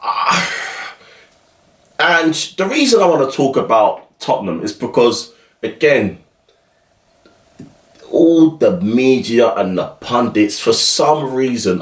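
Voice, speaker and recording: A man's voice: medium pitch, lively intonation, unhurried, recorded from a distance. Exasperated man ranting, echoey room. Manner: exasperated, repetitive, emphatic. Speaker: football show host. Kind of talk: ranting monologue.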